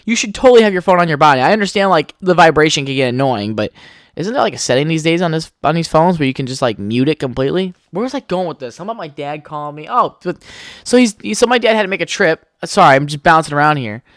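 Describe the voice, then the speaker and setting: Talking quickly and expressively, a young podcast host rambles through stories in a casual solo chat, swearing heavily and laughing often. His voice is fairly high and a bit bright, and the dry recording is studio quality.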